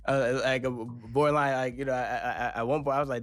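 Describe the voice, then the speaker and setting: A man's voice: medium pitch, fairly even intonation, moderate pace, fairly bright tone, faint music behind. A young man from Los Angeles with a laid-back West Coast accent, talking casually in a studio interview and rambling with lots of fillers. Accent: West Coast American. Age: young adult. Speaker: rapper guest. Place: recording studio.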